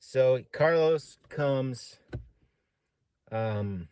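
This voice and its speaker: A man's voice: medium pitch, lively intonation, extremely slow, a little mellow, smooth, no room sound. A man casually telling a long story on a live stream, rambling with many fillers and frequent swearing.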